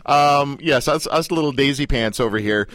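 A man's voice: medium pitch, moderate pace, dry recording. A man hosting an interview, joking around and stumbling over his own questions. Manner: jokey, animated, stumbling restarts. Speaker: host. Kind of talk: casual radio interview.

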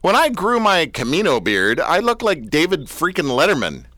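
A male radio host with a slightly high, bright, forceful voice. His pitch leaps around widely as he trades jokes with a caller in easy banter. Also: huge pitch swings. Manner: jokey, quick to laugh.

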